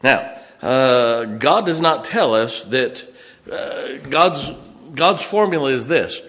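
A man's voice: mid-range voice, animated, slow pace, a bit bright, in a large hall. A male pastor preaching a sermon, reading scripture aloud and adding emphatic asides to his congregation.

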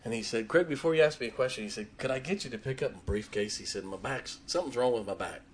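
A man preaching, telling a personal story with emotion and dropping his voice low in tender moments. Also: expressive, fast. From Ohio. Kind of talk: sermon storytelling.

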